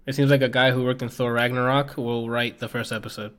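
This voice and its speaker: A man's voice: mid-range voice, little pitch movement, fast, a bit bright. A man co-hosting a casual chat show, rambling and tripping over his words as he talks. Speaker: podcast co-host.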